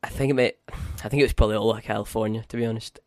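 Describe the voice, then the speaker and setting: A man's voice: fairly low pitch, steady tone, very fast, a little mellow, no echo, studio quality. A man co-hosting a podcast, chatting casually, rambling and restarting his sentences, swearing now and then. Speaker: podcast co-host. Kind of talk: casual chat.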